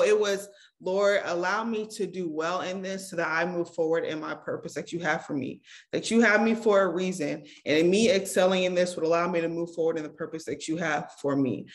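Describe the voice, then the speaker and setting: Earnest preacherly young woman guest. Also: fairly low pitch. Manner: earnest, preacherly, repeats key phrases. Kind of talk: encouraging faith-based talk.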